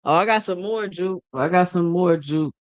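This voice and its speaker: A woman co-hosting a casual boxing chat, relaxed and swearing freely. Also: on the low side, normal speed.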